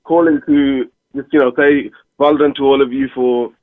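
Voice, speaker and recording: A man's voice: medium pitch, fairly even intonation, normal speed, no room sound. A man from Birmingham calling in to a radio show, hesitant and modest as he speaks. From Birmingham, England. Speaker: caller. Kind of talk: phone-in chat. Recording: tinny phone line.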